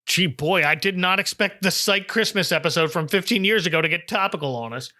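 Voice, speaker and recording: A male podcast host with a high, bright voice recaps a TV episode, chatty and laughing easily. He is recorded close and dry, with no room sound. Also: a little fast, dry recording. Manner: chatty, laughs often, quotes the scenes.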